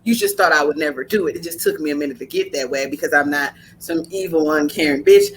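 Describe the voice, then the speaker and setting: A woman hosting a casual podcast chat, telling blunt, animated stories laced with slang. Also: sits low, fast, slight background noise. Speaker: podcast host.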